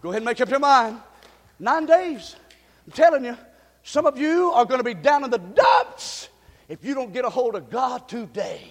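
A male pastor delivers a fiery sermon in a strikingly high voice. He builds his points into shouted, rhythmic refrains and counts them off one by one. His voice rings out with the long reverb of a large church. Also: lively intonation, moderate pace.

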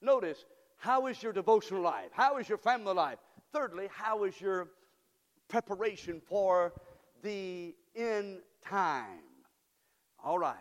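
Older male pastor, high-pitched, emphatic folksy preaching, long church-hall echo. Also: animated, measured pace. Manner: preaching with rising, emphatic delivery and folksy asides. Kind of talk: sermon. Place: church sanctuary.

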